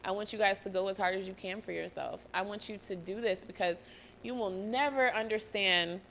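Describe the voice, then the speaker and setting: A woman's voice: mid-range voice, a bit bright, a little hiss or hum. A young woman hosting a solo podcast, telling a personal story candidly, swearing freely and close to tears at times. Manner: candid, swears freely, laughs and nearly cries. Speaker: podcast host.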